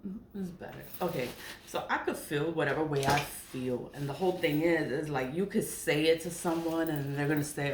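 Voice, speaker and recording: A middle-aged woman with a low voice speaks casually to camera, blunt and profane and laughing often. The room is echoey, with a faint hiss behind her. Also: normal speed. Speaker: spiritual vlogger. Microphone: camera mic.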